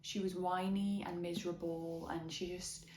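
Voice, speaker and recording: A young Welsh woman, a book vlogger with a slight Midlands twang in her Welsh accent, reviews books casually, frankly and eagerly. Her pitch is fairly low, her delivery flat, her speed normal. There's slight background noise, plus soft music in an echoey room.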